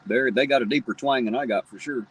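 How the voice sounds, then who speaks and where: With a slight Southern drawl and an Appalachian Ohio Valley accent from where Ohio, Kentucky and West Virginia meet, a middle-aged man hosts a casual live stream, reading viewer comments. His medium-pitched, fairly bright voice has a breathy edge and a quick pace, and his talk is folksy and rambling. Audio quality is poor.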